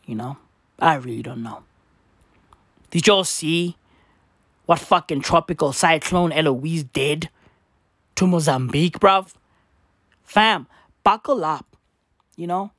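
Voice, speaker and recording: A man's voice: on the high side, slow, long pauses, a bit bright, dry recording, clean studio sound. Rambling, foul-mouthed podcast man. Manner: rambling, repetitive, peppered with slang and swearing. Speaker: podcast host. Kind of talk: profane comedic monologue.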